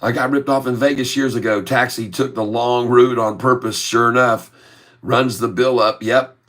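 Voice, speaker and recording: A middle-aged American man hosting a casual stock-trading livestream, reading viewer comments aloud and answering them in a relaxed, chatty way. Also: mid-range voice, moderate pace. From USA. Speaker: livestream host reading chat.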